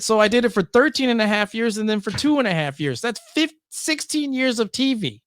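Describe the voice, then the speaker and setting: High-voiced middle-aged man telling stories. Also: lively intonation, a little fast, few pauses, no room sound, studio quality. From Michigan. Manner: acts out quoted voices. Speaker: podcast guest. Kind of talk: animated storytelling.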